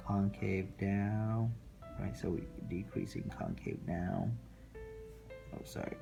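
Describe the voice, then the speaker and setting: A man with a fairly low voice teaches a math lesson, talking slowly and repeating each step as he sketches. Faint music plays in the background. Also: gravelly, dark tone. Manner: slow, repetitive, talking through steps while sketching. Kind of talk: classroom lecture recorded for students.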